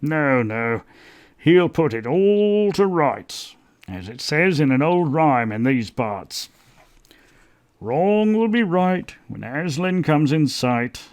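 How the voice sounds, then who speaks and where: Storybook beaver, male, hearty and jolly, voiced by a man, raised pitch, lively booming delivery. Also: takes it slowly. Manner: booming, laughing, emphatic.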